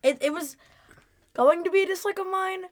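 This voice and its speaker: A young woman co-hosting a casual chat, laughing often and reacting with quick agreement. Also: very high voice, no room sound. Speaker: podcast co-host.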